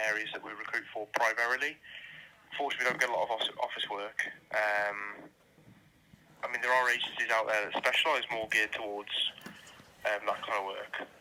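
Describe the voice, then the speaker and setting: A man's voice: lowish voice, bright, forceful tone. A man working as a recruitment agent, speaking politely on a phone call, hesitant and full of restarts. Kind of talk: phone conversation. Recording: tinny phone line.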